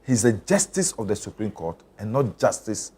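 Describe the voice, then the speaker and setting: A man speaking as a political panelist, who cuts in quickly and tags his lines with "eh?". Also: fairly low pitch, very animated, warm tone, slightly rough. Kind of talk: panel discussion.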